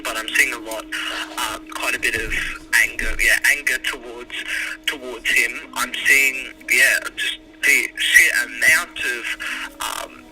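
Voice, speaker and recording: A man's voice: mid-range voice, far from the mic, rough recording. An Australian man reporting by phone into a live news stream, hesitant and searching for words. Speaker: political reporter.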